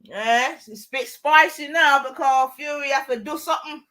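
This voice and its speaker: A young woman, giving excitable, slang-heavy live commentary on a fight and shouting often. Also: high voice, moderate pace. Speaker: watch-along streamer.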